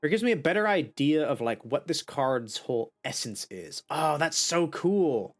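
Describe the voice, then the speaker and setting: A streamer giving casual let's-play commentary, chatty and thinking out loud with many restarts. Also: medium pitch, expressive, normal speed, soft background music.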